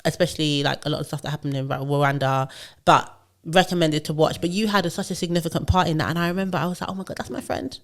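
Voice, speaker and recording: Fast-talking chatty woman host. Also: deep voice, fairly even intonation. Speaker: podcast host. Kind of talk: casual interview chat.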